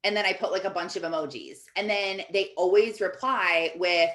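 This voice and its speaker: A woman's voice: lowish voice, normal speed, a bit bright. A woman life coach giving a casual, chatty coaching talk to her team in an office, often filling with "like". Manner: chatty, fills with "like". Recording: echoey room.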